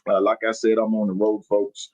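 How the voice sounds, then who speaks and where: A man's voice: fairly low pitch, flat delivery, moderate pace, darkish tone, dull audio. Folksy man hosting a livestream podcast. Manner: folksy, hypes up viewers, repeats greetings. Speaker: podcast host. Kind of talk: live-streamed podcast chat. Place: on the road while traveling.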